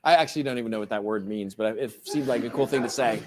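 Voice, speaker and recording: A man's voice: mid-range voice, fast talker, crowd noise. Middle-aged man as a professor, lecturing loosely, tossing questions to the class. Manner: casual, joking, asks the class questions.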